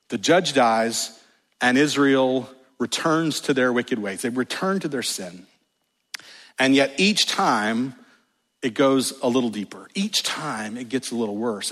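Husky-voiced preacher, lively and emphatic. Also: male voice, mid-range voice. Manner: animated, emphatic, with wry humorous asides. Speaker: pastor. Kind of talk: sermon. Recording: long reverb of a large hall.

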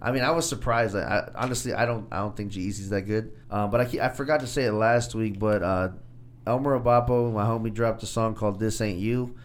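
A man's voice: lowish voice, fairly even intonation, brisk. Laid-back slangy young man. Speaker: podcast co-host, music segment. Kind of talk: casual chat.

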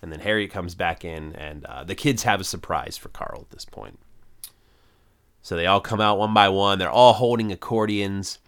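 A deep, smooth-voiced man talks through a sitcom plot in a loose, chatty way. He pads his sentences with ums and uhs and stops now and then to add his own comments. The voice is low and clean. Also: normal speed, a bit bright. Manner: plot retelling with many fillers. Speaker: podcast co-host. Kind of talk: casual recap chat.

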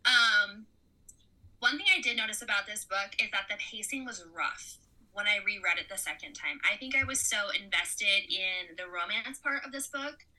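A woman's voice: mid-range voice, normal speed, sharp tone, far from the mic, poor audio. A woman co-hosting a book podcast, chatting in a giggly, rambling way full of "like". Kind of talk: casual book review chat.

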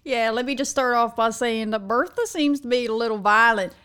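A woman's voice: a little high, fairly quick, fairly bright tone, clean tone, close to an everyday voice. A woman voicing a folksy, churchgoing old grandma with a cheeky streak in a comedic podcast bit. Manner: folksy, prim but cheeky.

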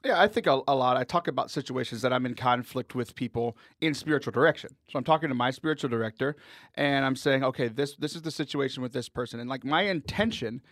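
A man's voice: medium pitch, fast talker, a bit bright, no room sound, studio quality. A man hosting a radio talk show, chatting casually and earnestly with frequent laughs. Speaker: radio host. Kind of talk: casual chat.

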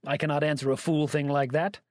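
Storybook rancher, gruff and cursing, raised and pushy, read by a male narrator. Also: on the high side, little pitch movement, a little fast, no room sound, studio quality, pitched above the performer's own voice, close to an everyday voice. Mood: impatient. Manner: blustering, cursing.

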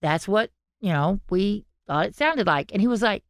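A woman's voice: medium pitch, normal speed, dry recording, clean studio sound. A woman podcast co-host, chatting casually and acting out the voices of people in her stories. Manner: animated storytelling, acting out quotes.

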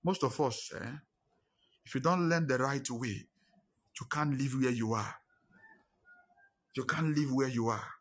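A man preaching a sermon, emphatic and repetitive, dropping his voice low for dramatic points. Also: unhurried, pauses often, a bit bright. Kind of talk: sermon with storytelling.

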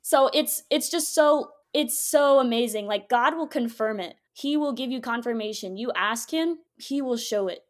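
High-voiced earnest woman sharing testimony. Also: normal speed, few pauses. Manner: earnest, emphatic storytelling with many "like"s. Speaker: podcast guest. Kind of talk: faith testimony chat.

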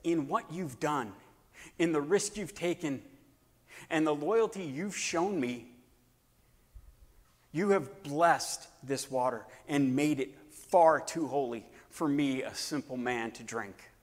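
A preacher voicing King David, hushed and solemn. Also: a little high, takes it slowly. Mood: reverent. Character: humble ancient male king refusing water. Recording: long hall reverb.

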